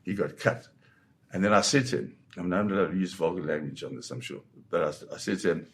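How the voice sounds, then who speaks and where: An older man with a fairly low voice tells a tense story from his days as a war photographer. He speaks with vivid, halting restarts as a guest in an interview.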